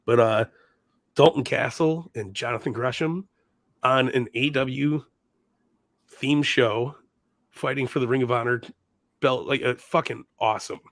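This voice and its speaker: A man's voice: medium pitch, unhurried, long pauses, a bit bright, no echo, clean studio sound. A man co-hosting a casual wrestling chat podcast, laughing often and swearing casually as he talks. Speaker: podcast co-host.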